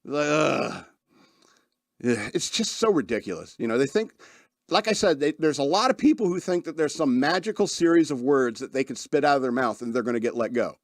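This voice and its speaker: A man's voice: medium pitch, animated, fast, no echo, clean studio sound. Wry, rambling male podcast host. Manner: wry, rambling, laughs often, self-deprecating. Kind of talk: casual chat.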